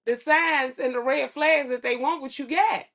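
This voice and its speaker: A woman with a slightly high voice talks frankly and with a lot of energy, giving blunt advice and acting out quoted voices. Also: moderate pace. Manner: animated, outspoken, acts out quoted people. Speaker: podcast co-host. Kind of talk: casual chat.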